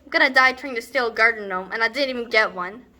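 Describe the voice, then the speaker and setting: A woman's voice: on the high side, quick pace, sharp tone. A young woman performing a comedic monologue as a brash, scornful teenage girl, rambling with sarcastic asides. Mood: exasperated. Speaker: student actor.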